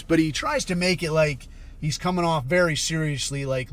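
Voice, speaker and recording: A man's voice: on the high side, moderate pace. Blunt, foul-mouthed man ranting. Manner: profane, blunt, sarcastic. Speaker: podcast host. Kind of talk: casual commentary rant.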